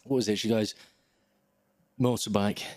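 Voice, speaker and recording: A man's voice: fairly low pitch, fast talker, darkish tone, no echo, studio quality. A man co-hosting, telling a story in a laid-back way. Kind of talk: casual storytelling.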